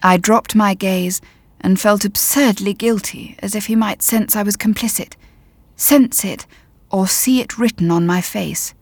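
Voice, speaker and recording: A woman narrating a story in the first person, measured and tense. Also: medium pitch, no echo. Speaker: audiobook narrator.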